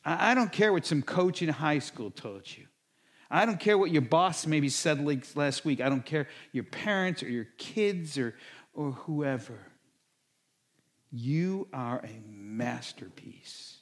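A middle-aged man preaching a sermon as a pastor, acting out people's reactions in bursts. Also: takes it slowly. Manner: animated, acts out quoted reactions with sudden high-pitched bursts.

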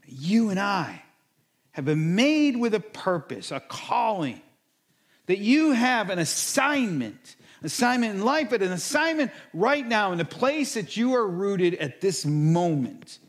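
An animated middle-aged pastor preaching a sermon, his voice a bit high for a man and swinging widely in pitch. He acts out people's reactions in sudden bursts, then drops back to a quieter, earnest tone. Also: unhurried.

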